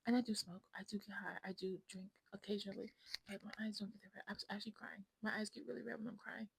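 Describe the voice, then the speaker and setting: Speaking quickly and flatly in a gravelly mid-range voice, this woman in her twenties rambles frankly to her phone camera indoors at home, self-absorbed and prone to whispering. It's a casual vlog. The rough recording carries slight background noise.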